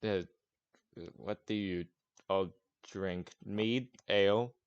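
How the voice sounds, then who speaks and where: A man's voice: lowish voice, slow, clear, resonant tone, dry recording, muffled recording. A man voicing a sarcastic, rude elf man who swears often, in a tabletop game.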